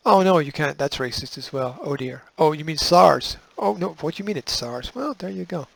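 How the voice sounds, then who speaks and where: A man's voice: fairly high pitch, animated, normal speed, gravelly, fairly bright tone, no room sound, poor audio. A man hosting a show, reading news items aloud and breaking off with sarcastic, dismissive asides. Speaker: host.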